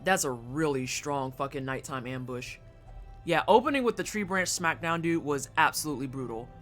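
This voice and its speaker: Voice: expressive, normal speed, a bit bright, faint music behind. A streamer giving casual, profane commentary while playing a game and chatting with viewers. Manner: profane, chatty, jumps into high-pitched silly voices.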